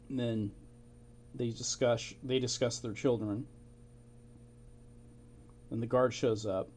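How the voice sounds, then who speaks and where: Dude reading old case files out loud, laid back, lots of "you know". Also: male voice, medium pitch, steady tone, takes it slowly, pauses often, a little hiss or hum. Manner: informal, chuckling asides, fillers like "you know". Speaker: amateur history narrator. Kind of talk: casual narration of archive documents.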